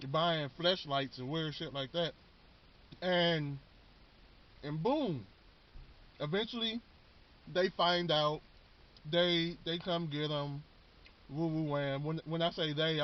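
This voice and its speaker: A man casually recapping a TV show in a rambling, slangy way, often repeating words. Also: fairly high pitch. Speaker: vlogger. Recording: dull lo-fi recording.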